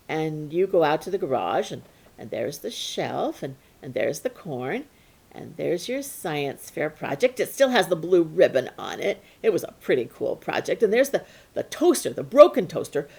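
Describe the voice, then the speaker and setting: A woman telling a folk tale to children, animated and playful. Her pitch swoops widely, and she drops to a hush and then leaps up again. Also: normal speed, creaky. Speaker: storyteller. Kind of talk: storytelling for children.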